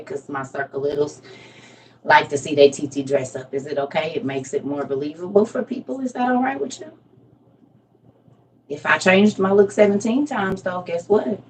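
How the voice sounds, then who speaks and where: A woman's voice: sits low, recorded from a distance, slight background noise. A woman in her forties giving a casual Bible lesson, playful and constantly quizzing her listeners. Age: 40s. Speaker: Bible teacher.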